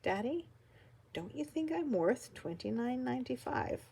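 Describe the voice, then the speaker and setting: A woman reading a storybook aloud and voicing a stubborn little girl who whines loudly. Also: big pitch swings, moderate pace, creaky, slight background noise. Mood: sweet. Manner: high, loud and whiny.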